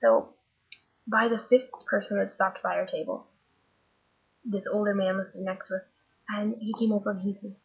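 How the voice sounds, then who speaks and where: A woman's voice: mid-range voice, fairly even intonation, moderate pace, gravelly, pauses often, muffled recording. A woman working as a nanny, chatting wryly in a vlog about her day, worn out and tired. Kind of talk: casual vlog storytelling.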